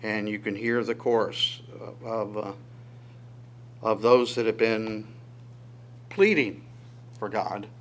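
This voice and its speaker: A man's voice: fairly low pitch, slow pace, pauses often. A man preaching a sermon verse by verse, asking rhetorical questions and chuckling now and then. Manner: animated, voices God's words in quotes, asks rhetorical questions, chuckles. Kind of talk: sermon teaching through Psalms.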